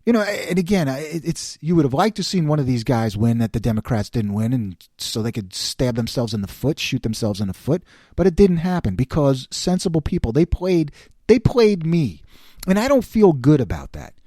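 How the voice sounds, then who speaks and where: Casting note: middle-aged male podcast host, sarcastic, lively swinging pitch, mellow tone, dry close sound. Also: normal speed, dry recording. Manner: animated, sarcastic, quotes others in put-on voices. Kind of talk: opinionated political commentary monologue.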